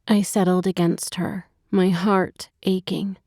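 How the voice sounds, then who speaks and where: A woman reading a romance audiobook in a measured, gentle storytelling manner. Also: medium pitch, dry recording, studio quality. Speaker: audiobook narrator. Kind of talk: scripted narration.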